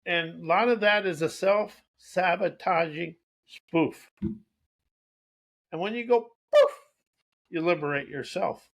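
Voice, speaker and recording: High-voiced guy preaching slow about spiritual stuff, keeps repeating himself and restarting lines. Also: gravelly, a bit bright. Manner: preachy, repeats key phrases, trails off and restarts. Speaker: motivational speaker. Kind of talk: rambling spiritual monologue.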